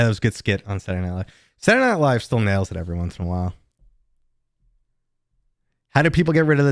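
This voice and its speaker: A man's voice: fairly low pitch, clear, resonant tone, dry recording, studio quality. A man from New City, chatting casually and joking with viewers while hosting a live stream. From New York City. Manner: rambling, joking, chatty asides to chat.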